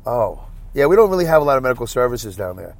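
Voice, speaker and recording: A man's voice: medium pitch, sing-song, fast talker, creaky, voice pushed down. A man playing a meek, hopeful migrant at the border in a comedy skit, talking plainly and agreeably.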